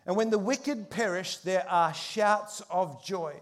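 High-voiced pastor telling a story. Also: male voice, slow. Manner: animated storyteller, shifting pace and loudness. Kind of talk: sermon with a humorous story.

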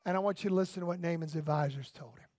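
A man preaching a sermon in church, impassioned, firing off repeated rhetorical questions and rising to shouts. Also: fairly high pitch, rapid-fire, no room sound, clean studio sound.

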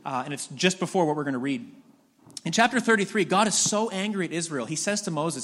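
With an expressive, fairly quick delivery, a pastor retells scripture in a sermon as a conversational story, frequently restarting his lines. He drops to a soft, low voice when he prays.

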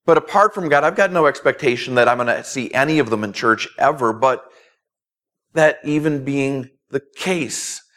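A man's voice: medium pitch, moderate pace, fairly bright tone. A man preaching a sermon as pastor, earnest, with emphatic repetition.

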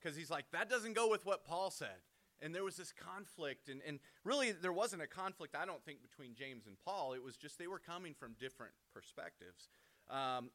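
His voice sits fairly high and sounds pushed and bright as he leads an informal Bible lesson. The talk is chatty, peppered with "right?", and marked by frequent false starts and repeated words.

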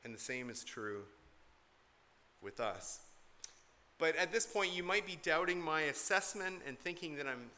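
A man's voice: medium pitch, sharp tone, a little hiss or hum. A man preaching an expository sermon from the pulpit, earnest and emphatic, repeating key points to drive them home. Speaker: pastor.

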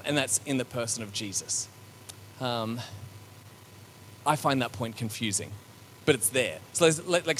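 A man delivering a church sermon in an easygoing, conversational way, stopping to think with ums and doubled words. His voice sits at an ordinary middle pitch. Faint background noise is audible under his speech. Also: a bit bright. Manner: conversational, with many fillers and restarts; reflective and searching. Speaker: preacher.

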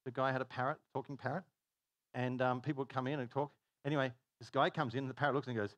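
A man preaching a sermon, telling stories in an animated way and laughing at his own jokes. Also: mid-range voice, quick pace, no room sound. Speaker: pastor.

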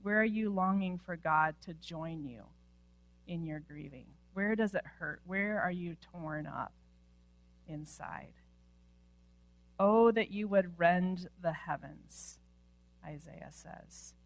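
Slow impassioned woman preaching a sermon. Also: on the low side, no echo. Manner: impassioned, drops to hushed near-whispers at phrase ends. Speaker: pastor. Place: church sanctuary.

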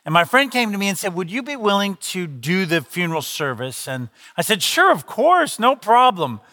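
Bright-voiced, high-pitched male pastor. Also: brisk, in a large hall. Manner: conversational, animated storytelling with quoted dialogue. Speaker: lead pastor. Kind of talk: sermon with storytelling.

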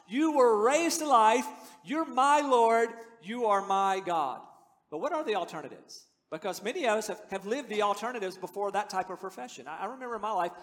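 A man in his fifties preaches with a high voice that rings out through a large hall. He talks earnestly and conversationally, then builds to emphatic declarations. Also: fairly bright tone. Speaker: pastor. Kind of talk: sermon. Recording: long reverb of a large hall.

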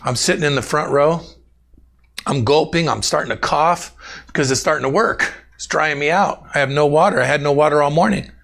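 A man preaching in a warm, chatty way, weaving personal stories into his sermon. His voice is a bit high for a man and has a gravelly edge. He often turns to the congregation and addresses people by name. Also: fairly quick. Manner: animated, talks directly to congregation members by name. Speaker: pastor.

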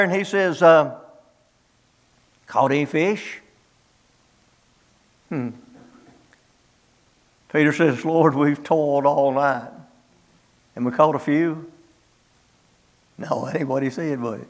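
A middle-aged preacher man with a drawl and a fairly high voice. He preaches in a folksy, storytelling way, slipping into the voices of the people in the Bible stories he retells. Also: takes it slowly, long pauses. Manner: folksy storytelling, acts out biblical dialogue. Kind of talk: sermon.

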